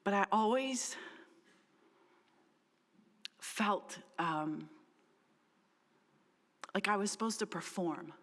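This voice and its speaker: A woman's voice: mid-range voice, extremely slow, pauses often, fairly bright tone. A middle-aged woman pastor preaching a sermon in an earnest, emphatic way, repeating key phrases for weight. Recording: long reverb of a large hall.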